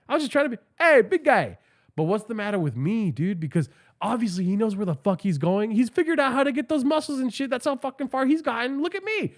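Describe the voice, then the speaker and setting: A man hosting a podcast, telling a rambling, profane comic story and often asking the listener. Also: high voice. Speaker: podcast host. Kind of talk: comedic storytelling monologue.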